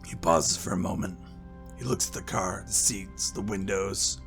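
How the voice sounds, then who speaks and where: A man playing a game and reading its narration aloud in a quiet, low-key way, with casual remarks. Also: fairly even intonation, moderate pace, vocal fry, faint music behind. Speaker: gaming video creator.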